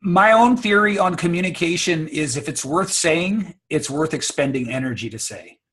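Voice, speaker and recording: A man's voice: a little high, animated, moderate pace, a bit bright. A man coaching public speaking on a video call, confident and emphatic, often repeating words as he restarts. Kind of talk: casual advice on a video call.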